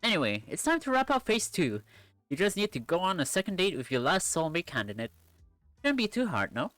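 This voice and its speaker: A woman's voice: lowish voice, sing-song, brisk, a bit bright, no room sound, soft background music, pitched above the performer's own voice. A streamer voicing a cheeky young woman producing a dating show, teasing and perky. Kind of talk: visual novel read-aloud.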